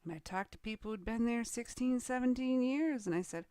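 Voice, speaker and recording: A woman's voice: on the high side, fairly quick, hardly any pauses, warm tone, clear, resonant tone, no echo, studio quality. A woman coaching on online business in a dramatic motivational talk. She acts out quoted voices and drops into whispers for emphasis.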